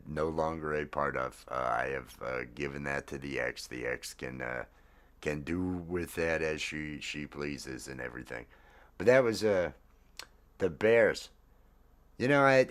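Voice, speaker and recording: A man in his thirties hosting a casual live-stream chat, rambling with many fillers and restarts. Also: low-pitched. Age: 30s. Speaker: livestream host.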